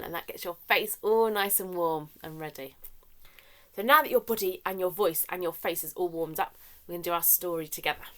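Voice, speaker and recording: A young woman leading a children's story time with warm-up games, talking in a sing-song way that swings from whispers to shouts. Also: fairly low pitch.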